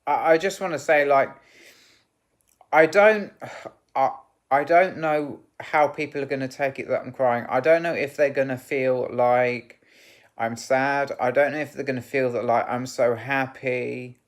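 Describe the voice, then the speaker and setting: Man vlogging a personal story, slow and rambling, halting with many restarts, candid and emotional. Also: medium pitch, fairly even intonation. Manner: rambling and halting, full of "you know" and restarts.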